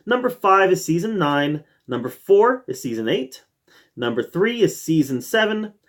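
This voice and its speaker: A man's voice: high-pitched, sing-song, normal speed. A man hosting his own review channel, ranking TV seasons in an eager, casual way, with many fillers and restarts. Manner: enthusiastic, with frequent fillers and restarts.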